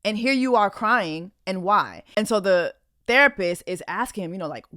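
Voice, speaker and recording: A woman's voice: mid-range voice, expressive, moderate pace, sharp tone, dry recording, studio quality. A woman podcast host giving blunt, indignant reaction commentary on a reality show clip in a casual, conversational way.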